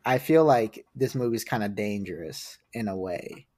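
A man's voice: lowish voice, moderate pace, no echo. Rambling young man, dry close mic. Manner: rambling, animated, lots of restarts and fillers. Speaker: podcast guest. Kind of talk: casual podcast chat.

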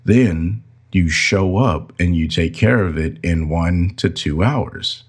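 A man's voice: low-pitched, a little slow, husky. A man hosting a podcast, giving earnest, preachy advice in a casual way. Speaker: podcast host.

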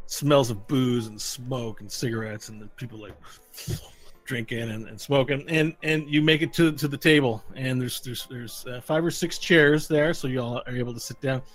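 A man narrating a tabletop game as game master, casual and halting, with frequent restarts. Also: medium pitch.

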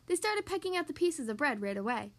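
Reading a picture book aloud to young kids, this podcast host has a high, lively voice and talks fast. Her pitch rises and falls a lot as she tells the story, staying bright and expressive throughout.

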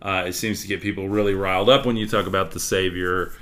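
A man with a Texas accent hosts a podcast livestream, talking candidly and rambling with lots of fillers. His voice is low and a bit bright, with a steady tone and a fast pace.

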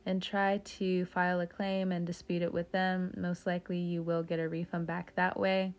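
Young woman reading tarot cards, kinda low voice, jokey and sweary, goes off on rants. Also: level tone, normal speed. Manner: joking, profane, talks off on tangents. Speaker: tarot reader.

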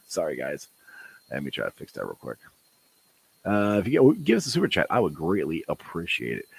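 A man hosting a casual live-streamed sports podcast, laughing often and getting loud when excited. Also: deep voice, fast talker, gravelly, noisy background. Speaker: podcast host. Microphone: home desk mic.

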